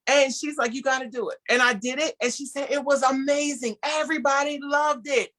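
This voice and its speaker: A woman's voice: high-pitched, brisk, hardly any pauses. A woman guest on an interview show, a clothing designer telling her story and acting out the voices of the people in it. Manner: animated, acts out dialogue in her story; speaks of herself as an introvert.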